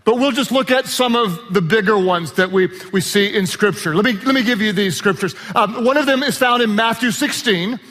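Man, pastor, preaching a sermon, high voice, animated, shouted emphasis, long hall reverb. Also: moderate pace, hardly any pauses.

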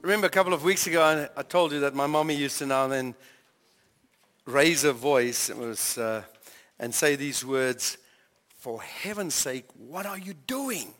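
A man's voice: medium pitch, steady tone, moderate pace, a bit bright, big-room sound, faint music behind. An older man and grandfather, preaching a conversational sermon with many questions to his congregation. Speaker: pastor.

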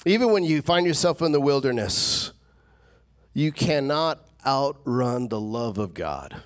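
A man preaching a sermon as the pastor, animated and rising to emphatic peaks. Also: medium pitch, unhurried.

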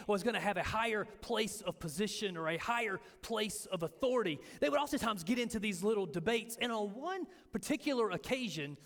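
A man preaching a sermon as pastor, telling stories and acting out the quotes with lively energy. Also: high voice. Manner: animated storytelling, acting out quotes. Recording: echoey hall with long reverb.

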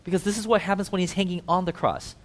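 Fairly high-voiced man preaching vividly. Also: fairly even intonation, fast. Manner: vivid storytelling, swinging between emphatic and hushed; conversational asides to listeners. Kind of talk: sermon.

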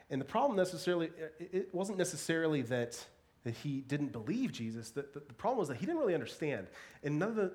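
A man giving a sermon in a conversational, animated way, with playful asides and frequent repeated words. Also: fairly high pitch. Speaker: pastor.

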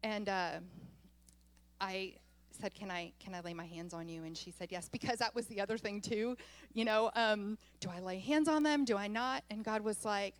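A female pastor at medium pitch and normal speed preaches a sermon built around a personal story. She tells it animatedly and laughs often along the way.

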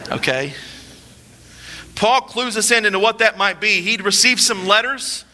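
Male pastor, sermon delivery: emphatic and repetitive, with a high, very bright voice. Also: lively intonation, unhurried, a little hiss or hum. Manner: emphatic, repetitive preaching, dropping low for solemn points.

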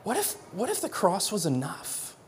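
Middle-aged male preacher, high voice, chatty sermon, acts out dialogue, long reverb in a big church hall. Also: moderate pace, slight background noise. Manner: animated, conversational, many restarts, acts out dialogue.

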